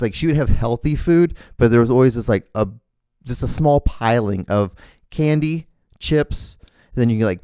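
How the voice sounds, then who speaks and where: A young man hosting his own show, telling rambling, animated stories with lots of fillers and casual swearing. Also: on the low side, clear, resonant tone, dry recording, studio quality. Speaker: podcast host. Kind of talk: casual storytelling monologue.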